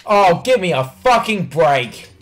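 A man commenting on a video game in a voice that swings enormously in pitch, from mumbled asides up to sudden yells. He swears freely and teases his co-player throughout, in loose, casual talk. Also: big pitch swings, slow pace. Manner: swearing, yelling outbursts at the game. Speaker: let's play gamer.

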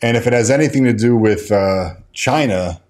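A man hosts a casual stock market livestream and talks off the cuff. His sentences stall and restart, thick with fillers, as he reads viewer comments aloud and answers them. His voice sits at an ordinary middle pitch. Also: moderate pace, a little mellow. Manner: rambling, with frequent restarts and fillers. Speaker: stock market show host.

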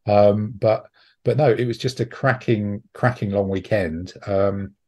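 This is a man with a low, husky voice hosting a relaxed podcast conversation. He rambles along with frequent ums and self-corrections, telling stories in an easygoing chatty way. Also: measured pace. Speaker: podcast host. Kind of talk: casual chat.

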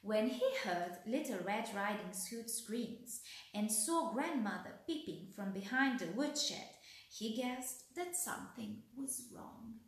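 A woman reading a bedtime story aloud as storyteller, gently. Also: fairly high pitch, animated, slow. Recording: very echoey room.

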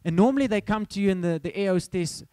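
A man preaching a sermon, telling a story in lively fashion and acting out his own lines of dialogue. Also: sits high, fast talker, clear, resonant tone, dry recording.

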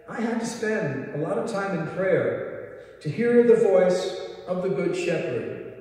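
Slow-speaking priest in an echoey church. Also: male voice, on the high side, recorded from a distance. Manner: slow, gentle preaching with playful voice impressions in anecdotes. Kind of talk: sermon. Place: large church.

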